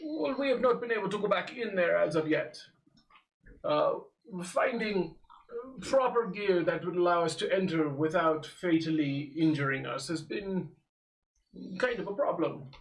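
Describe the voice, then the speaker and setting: A man's voice: high-pitched, lively intonation, unhurried, roomy sound, distant mic, low-quality recording. A man running a tabletop role-play, speaking formally in character with many stalling fillers. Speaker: game master voicing a character.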